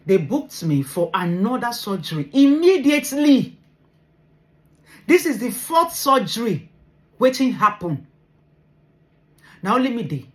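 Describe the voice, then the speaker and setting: A woman's voice: a little high, sing-song, measured pace, pauses often. Earnest Nigerian woman telling her story. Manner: emotional, earnest retelling, switching between English and pidgin. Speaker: vlogger sharing her medical story. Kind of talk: personal storytelling vlog.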